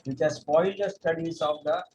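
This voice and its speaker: A man teaching a yoga class over a video call, explaining step by step, pausing on "okay", and chanting scripture verses slowly. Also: a little high, steady tone, darkish tone, a little hiss or hum, poor audio. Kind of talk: online lecture.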